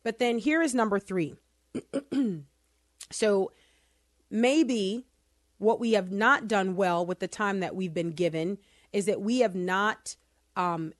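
A woman hosting a casual opinion podcast, her voice sitting mid-range and close to the mic in a dry, dead room. She talks fast through figures, then slows hard on key words, dropping in sarcastic asides as she goes. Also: medium pitch, no echo. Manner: animated, sarcastic asides, quick bursts then slow emphasis. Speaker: podcast host.

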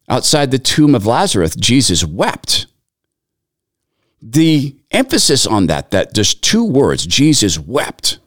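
A man's voice: mid-range voice, no echo, studio quality. A man giving sermon-like commentary in an earnest tone, reciting scripture in long lists. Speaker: Christian commentator.

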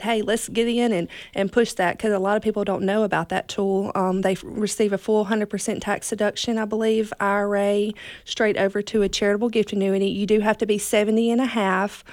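A woman's voice: medium pitch, little pitch movement, fairly quick, a little mellow, no echo. A woman with a Southern accent, a foundation staffer speaking as a radio guest in a friendly way with many hesitations. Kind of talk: casual radio interview.

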